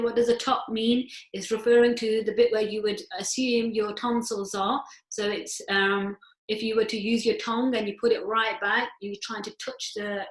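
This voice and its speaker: A woman's voice: medium pitch, echoey room. A woman teaching a recitation class over a video call, patiently explaining and demonstrating sounds step by step.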